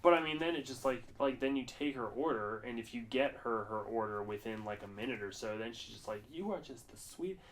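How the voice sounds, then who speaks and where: A man's voice: medium pitch, steady tone, fairly quick, few pauses. A man co-hosting a podcast in casual chat, telling stories in a rambling way with plenty of fillers and swearing. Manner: rambling, profane storytelling with lots of fillers. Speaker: podcast co-host.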